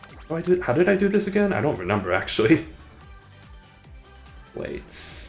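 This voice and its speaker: A man's voice: on the high side, big pitch swings, normal speed, soft background music. A man streaming a game live, chatting casually, rambling and muttering to himself between chuckles. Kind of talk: casual live gameplay chat.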